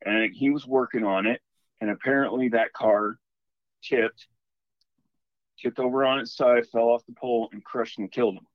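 A man calling in to tell a story in a casual, animated, rambling way. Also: medium pitch, normal speed, pauses often, no room sound, highs cut off. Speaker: caller telling a ghost story.

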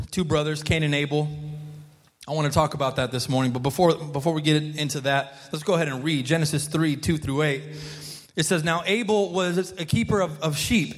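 A man preaching a sermon as pastor, in a loose, conversational way, often restarting and repeating words and prompting the congregation to respond. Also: on the high side. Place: church sanctuary. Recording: long hall reverb.

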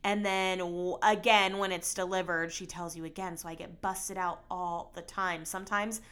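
A young woman talks through her podcast in a loose, rambling way. Her voice is bright and forceful, and it jumps up in pitch and volume when she stresses a point. She keeps things casual and chatty, as if talking to friends. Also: normal speed, clear, resonant tone. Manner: chatty, rambling, animated with bursts of emphasis. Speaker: podcast host. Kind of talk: casual solo podcast chat.

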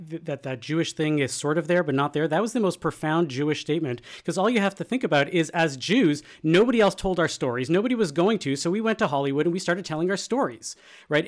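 A man co-hosting an interview, with a somewhat higher voice. He speaks emphatically and thinks out loud as he goes. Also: animated, brisk. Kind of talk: conversational interview talk.

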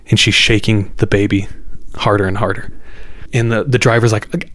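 Brief: casual male podcast storyteller, lowish voice, relaxed and rambling. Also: normal speed, no echo, studio quality. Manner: loose and conversational, repeats words, fillers. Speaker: podcast host.

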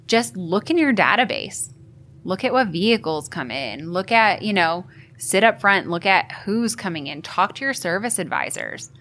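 A woman guest on a live podcast, talking chattily and lively about her field. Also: mid-range voice. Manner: lively, chatty, quick to laugh. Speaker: marketing guest. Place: expo hall.

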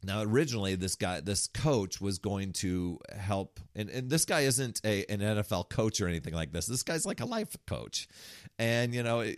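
A man's voice: fairly low pitch, moderate pace, no room sound, clean studio sound. A man hosting a podcast, telling a story in a casual, motivational way with frequent restarts. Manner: storytelling, animated, restarts often. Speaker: podcast host.

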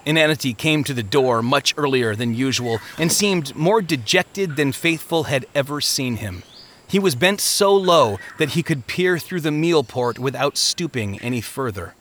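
A man narrating an audiobook in a measured, expressive reading. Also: medium pitch, slight background noise.

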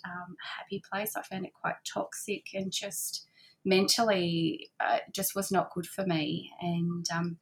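A middle-aged woman, chatting casually as an interview guest, with lots of fillers and a husky voice. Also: on the low side. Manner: chatty, warm-hearted, many fillers and soft laughs. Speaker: guest, handmade boutique owner. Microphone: remote call.

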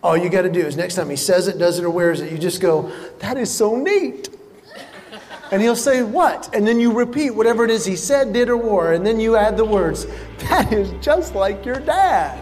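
Stand-up comic, high voice, lively storyteller who acts out other people's lines, live hall sound. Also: male voice, quick pace, hardly any pauses. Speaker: comedian. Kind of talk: stand-up comedy.

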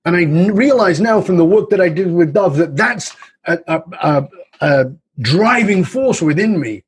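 A man's voice: sits high, expressive, moderate pace, breathy edge. A man, an author and leadership speaker, telling stories animatedly in conversation and acting out the voices in his anecdotes. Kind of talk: storytelling in conversation.

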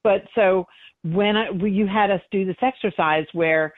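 A psychic medium, a middle-aged woman, recounts stories in a chatty interview, bringing the dialogue to life with an animated delivery. She speaks at medium pitch and a moderate pace, and the dry, echo-free audio has a tinny, phone-like quality.

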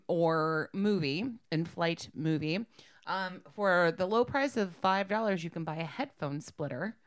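A woman's voice: on the low side, clean tone. A woman co-hosting a podcast in chatty, joking conversation, swearing casually. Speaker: podcast co-host. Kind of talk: casual chat.

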